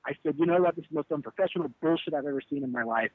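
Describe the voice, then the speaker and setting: A band leader races through a profane, heated tour story in a fairly high voice, describing the bandmate who bailed on a show and acting out every quote with animation. It's candid interview storytelling. No echo, but poor audio.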